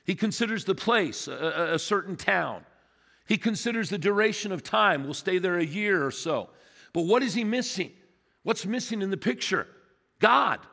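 A male pastor preaches a sermon in a church sanctuary, his voice sitting a little high for a man. He talks emphatically and keeps putting questions to his congregation. The sound carries a long reverb from the hall. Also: animated, normal speed, creaky, bright, forceful tone.

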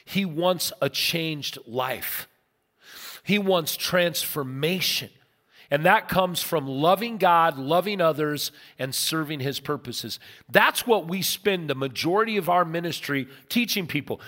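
Brief: animated man in his fifties telling stories from the pulpit, bright voice, long hall reverb. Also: fairly high pitch, a little slow. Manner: animated storyteller, acts out voices. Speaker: pastor. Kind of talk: sermon with storytelling.

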